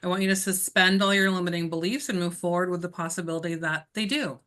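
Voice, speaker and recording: Bright-voiced woman coaching agents. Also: on the low side, fairly even intonation, fast. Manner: direct, emphatic, talks straight to listeners. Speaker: real estate trainer. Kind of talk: coaching session. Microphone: video call.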